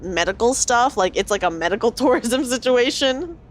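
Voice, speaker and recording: A woman's voice: a little high, lively intonation, normal speed. A woman streaming a game, chatting with viewers and reading dialogue aloud. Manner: chatty, reacts aloud and reads lines in character.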